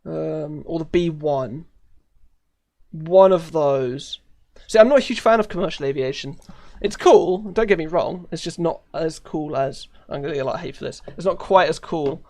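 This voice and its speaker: A man's voice: fairly high pitch, normal speed, gravelly, darkish tone. A man with a British accent chatting casually while live-streaming a game, rambling with many fillers and frequent laughs. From United Kingdom.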